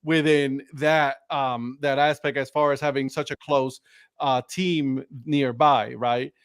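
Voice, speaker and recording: A man's voice: mid-range voice, fairly even intonation, takes it slowly, clear, resonant tone, dry recording, clean studio sound. A man hosting a casual sports talk stream, rambling loosely with lots of fillers and "right?" tags. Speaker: show host. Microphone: live stream mic.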